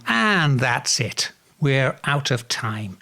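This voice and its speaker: A man with a Norfolk accent hosting a radio show, telling odd stories in a relaxed, wry way with many fillers. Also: mid-range voice, slow pace, creaky, faint music behind. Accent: Norfolk English. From England. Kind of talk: relaxed radio talk with dry asides.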